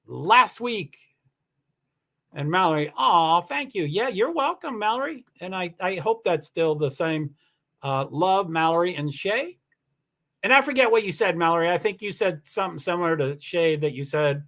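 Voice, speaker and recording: High-voiced man rambling on a livestream. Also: fairly bright tone. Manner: rambling, many restarts, laughs while telling stories. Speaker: livestream host reading chat comments. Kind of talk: casual livestream chat.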